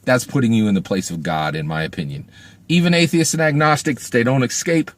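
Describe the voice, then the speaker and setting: A man's voice: medium pitch, a little fast. A man giving a casual spoken book review, emphatic, and he often asks "right?". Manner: emphatic, keeps asking "right?"; animated, acts out quoted speech.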